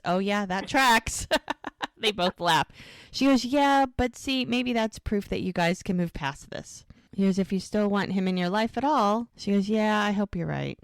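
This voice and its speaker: Animated woman recapping scenes, dry sound. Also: medium pitch, no echo. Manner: animated retelling, acting out characters' quotes. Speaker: podcast co-host recapping a TV show. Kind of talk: casual chat, retelling scenes.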